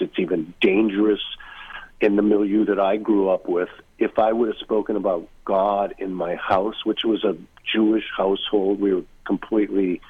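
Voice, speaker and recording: Male author guest, husky and thoughtful, heard over a thin phone-like connection. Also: on the low side. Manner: thoughtful, musing, many asides. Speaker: author being interviewed. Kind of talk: reflective conversational interview. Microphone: remote line from far away. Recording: tinny phone-like line.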